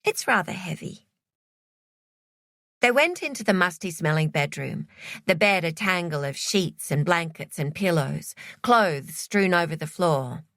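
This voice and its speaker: Woman narrator, low voice, slow and expressive reading of an audiobook. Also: dry recording, clean studio sound. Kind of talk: scripted narration.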